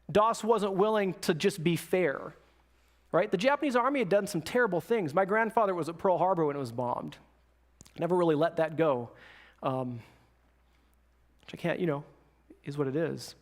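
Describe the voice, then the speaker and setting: Casual, high-voiced young male preacher. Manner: casual storytelling, acts out quoted voices. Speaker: pastor. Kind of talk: sermon.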